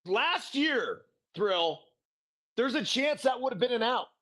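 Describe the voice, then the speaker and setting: High-voiced excitable male host. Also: slow. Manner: excitable, says dude a lot. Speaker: podcast host. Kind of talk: casual sports chat and commentary.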